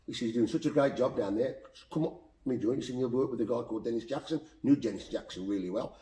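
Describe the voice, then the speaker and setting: A boxing coach with a Black Country accent, telling heartfelt stories in an animated, repetitive way as a podcast guest. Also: male voice, mid-range voice, fast talker. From Black Country, England. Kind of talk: emotional storytelling in conversation. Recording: roomy echo.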